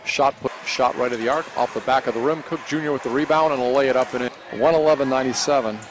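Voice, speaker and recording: Chatty basketball announcer, noisy broadcast. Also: male voice, medium pitch, steady tone, quick pace. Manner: chatty calls mixed with banter. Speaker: play-by-play commentator. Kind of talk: basketball play-by-play.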